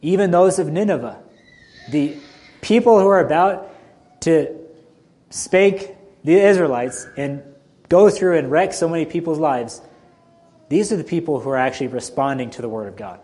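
A man's voice: on the high side, moderate pace, pauses often, darkish tone. A man preaching a sermon as a pastor, emphatic and full of rhetorical questions to his listeners.

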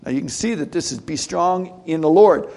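A middle-aged man preaching in a loose, conversational way, tossing rhetorical questions at his listeners. His voice sits a little high and carries a gravelly edge. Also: moderate pace, mellow. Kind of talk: sermon.

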